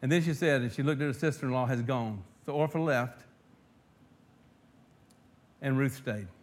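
A man preaching a sermon to his congregation. He swells loud and emphatic when reading scripture and drops to soft asides, often restarting and repeating words. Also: mid-range voice, normal speed. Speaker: pastor.

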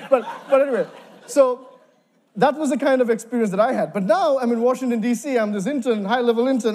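Man, young adult, from Sri Lanka, high-pitched, faith testimony, animated storytelling. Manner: animated storytelling with quick laughs and acted-out dialogue. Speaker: speaker giving a testimony.

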